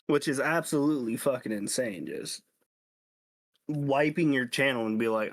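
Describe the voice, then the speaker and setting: A young man co-hosting a casual podcast, blunt and profane and quick to dismiss complaints. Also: medium pitch. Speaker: podcast co-host.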